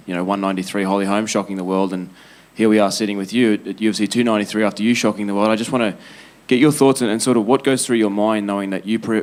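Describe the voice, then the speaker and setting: Fast-talking reporter with a low voice. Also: male voice. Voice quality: hesitant, lots of fillers. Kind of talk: asking a question at a press conference.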